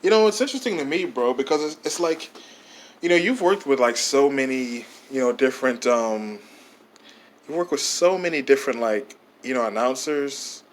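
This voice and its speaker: A man's voice: medium pitch, animated, normal speed, a little hiss or hum. A man hosting a casual podcast chat, laid-back and calling his guest "bro". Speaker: podcast host.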